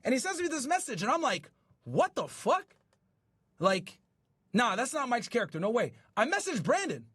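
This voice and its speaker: A male show host with a very high voice that swings widely as he retells a story to his live chat. He is animated, swears freely and sounds incredulous. The sound is dry and close, with no room around it. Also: fairly quick, slightly rough, dry recording. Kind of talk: casual commentary to a live chat.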